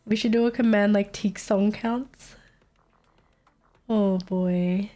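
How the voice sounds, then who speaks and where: A woman's voice: mid-range voice, steady tone, slow pace, dark tone. A young woman streaming live, chatting casually with her viewers, chatty and giggly and swearing freely.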